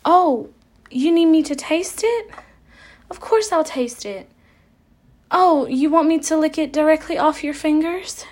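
A woman's voice: high-pitched, a little mellow, pitched above the performer's own voice. A woman putting on a coy put-on Southern drawl. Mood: coy teasing. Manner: coy, breathy, teasing, drawn-out sighs. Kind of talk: adult audio role-play.

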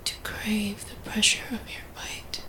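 A woman whispering as a tormented veiled man, whispered role-play. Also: unhurried. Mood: strained desperate. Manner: hushed, strained, breathless. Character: tormented veiled gloved man, desperate and restrained.

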